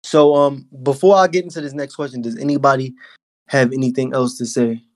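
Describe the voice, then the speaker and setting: A man's voice: medium pitch, steady tone, brisk, darkish tone. A man hosting a casual podcast interview in an easygoing, encouraging way. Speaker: podcast host.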